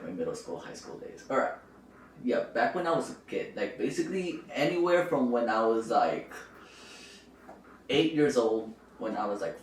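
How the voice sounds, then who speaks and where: A man's voice: lowish voice, a little hiss or hum. A young man from the Philippines, a podcast guest chatting casually and playfully, with lots of likes and hedges. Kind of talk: casual chat. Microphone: camera microphone, not the podcast mic. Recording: roomy audio from a distant camera mic.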